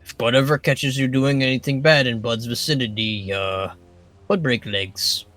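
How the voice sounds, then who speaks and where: Man voicing a simple brute of a first mate; blunt, halting, forceful tone. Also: mid-range voice, soft background music, lightly acted. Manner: halting, blunt, speaks in third person. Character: simple-minded brutish male first mate talking of himself in third person.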